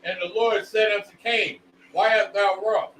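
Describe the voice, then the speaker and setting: A man reads old scripture aloud in a plain, measured way, his voice fairly high. He sounds set back from the microphone, with a roomy echo and a faint hiss around him. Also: steady tone, fairly bright tone, recorded from a distance. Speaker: scripture reader. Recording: roomy, off-mic room sound.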